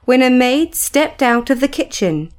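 Slow, measured woman narrator. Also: high-pitched, sing-song. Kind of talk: scripted storybook narration.

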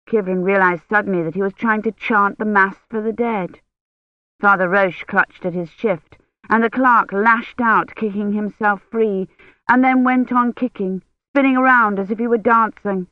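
An audiobook narrator reading a novel in an even, measured way. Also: mid-range voice, no room sound. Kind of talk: scripted narration. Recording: dull dry lo-fi audio.

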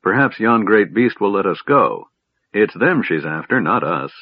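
A gruff old sailor played by a male narrator mutters loudly in rough dialect, his voice low and husky. The recording is dry and dull. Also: big pitch swings, measured pace, no room sound, heavily acted. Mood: grumbling. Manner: grumbling dialect, meant to carry.

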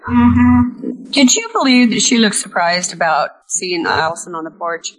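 A woman's voice: medium pitch, animated, unhurried, poor audio. A woman in a casual chat, plainspoken and questioning.

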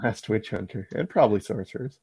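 A man's voice: on the low side, a little fast, vocal fry, dark tone, husky, dry recording. A young man co-hosting a podcast, talking in a laid-back, dry and profane way. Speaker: podcast co-host. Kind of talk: casual chat.

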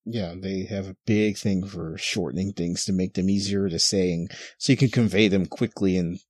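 A man chatting as a podcast guest in an animated, easygoing way. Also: low voice, normal speed, no room sound, studio quality. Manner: animated, laughs often. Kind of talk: casual chat.

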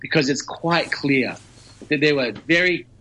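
A man's voice: fairly high pitch, unhurried, sharp tone, low-quality recording. A man giving conversational news commentary on the radio, explaining at length with many fillers.

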